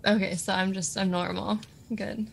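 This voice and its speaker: A woman's voice: mid-range voice, little pitch movement, normal speed, vocal fry, a little hiss or hum. A woman co-hosting a podcast in casual chat, giggly and self-deprecating. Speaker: podcast co-host.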